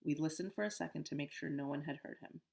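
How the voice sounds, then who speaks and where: A woman reading a children's novel aloud in steady, first-person storytelling. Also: sits low, fast, creaky. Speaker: audiobook narrator. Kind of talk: scripted first-person narration.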